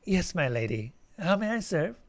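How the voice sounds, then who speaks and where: A man's voice: high voice, big pitch swings, moderate pace, pitched above the performer's own voice, exaggerated voice. A man voicing a deferential female mantis-like alien servant with a proper English accent and a formal, polite manner.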